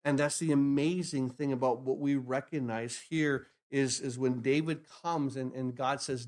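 A pastor preaching a sermon, asking rhetorical questions and repeating phrases, swinging from hushed lines to loud emphatic bursts. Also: male voice, medium pitch, fairly even intonation, normal speed, hardly any pauses.

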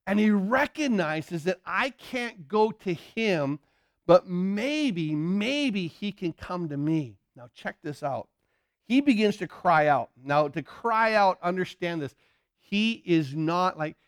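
A male preacher delivers a lively sermon in a fairly high voice. He throws rhetorical questions at his listeners and swings between loud bursts and hushed lines. The recording is dry and close. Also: normal speed, dry recording. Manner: animated, acts out shouts and crowd voices.

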